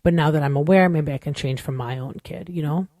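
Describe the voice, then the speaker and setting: A woman's voice: deep voice, fairly quick, dark tone, no room sound, clean studio sound. A woman hosting a podcast, talking through a show recap in a candid, rambling way with lots of "like" and "you know.". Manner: opinionated, candid. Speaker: podcast host. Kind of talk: casual recap chat.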